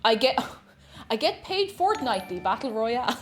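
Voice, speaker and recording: A woman's voice: fairly high pitch, expressive, moderate pace. A woman, a variety streamer chatting casually with her chat while she bakes, greeting viewers by name and laughing often.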